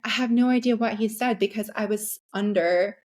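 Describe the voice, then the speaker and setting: A woman's voice: medium pitch, normal speed, a little mellow. Candid woman telling a personal story. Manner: candid, frequent ums and restarts. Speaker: guest. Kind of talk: conversational storytelling.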